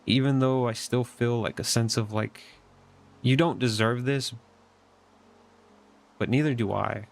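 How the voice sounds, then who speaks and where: A man's voice: mid-range voice, steady tone, measured pace, gravelly, pauses often. A young man sharing a casual personal update from his bedroom at home, in an earnest, reflective way that rambles with many fillers. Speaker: vlogger.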